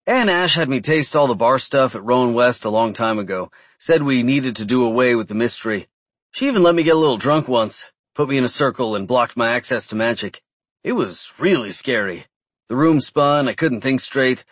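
A man's voice: medium pitch, expressive, a little fast, a bit bright, no room sound. Earnest twenty-one-year-old witch, man reading, rambling eager delivery, dry close voice.

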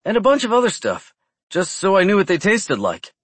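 A man's voice: sits high, wildly swooping pitch, fairly quick, a bit bright, slightly rough, no echo, voice pushed up, exaggerated voice. Earnest twenty-one-year-old witch, man reading, rambling eager delivery, dry close voice.

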